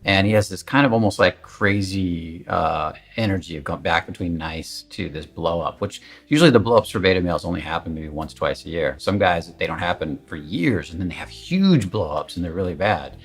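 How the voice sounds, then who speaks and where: A man's voice: sits low, lively intonation, brisk, few pauses, breathy edge. A man giving a candid, emphatic coaching talk in a casual, conversational way, swearing at times. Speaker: confidence coach.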